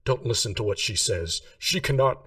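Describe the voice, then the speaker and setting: A deep, guttural spirit pleads with strained urgency, voiced by a man. It sounds exasperated and pressed for time, and the voice sits back from the mic. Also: expressive, moderate pace, fairly bright tone, recorded from a distance. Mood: urgent.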